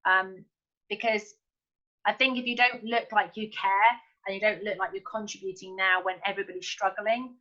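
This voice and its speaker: A woman's voice: medium pitch, steady tone, normal speed, sharp tone, lo-fi sound. A middle-aged woman hosting an interview, asking questions and thinking aloud as she adds her own points. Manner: thinking aloud, with fillers and restarts. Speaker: interviewer and podcast host.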